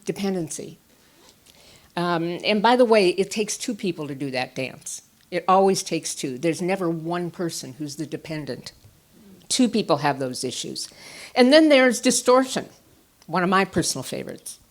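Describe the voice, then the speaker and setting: A woman therapist giving a conference talk, telling personal stories with animated swings from quiet asides to emphatic bursts. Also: fairly low pitch, moderate pace. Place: stage at a conference.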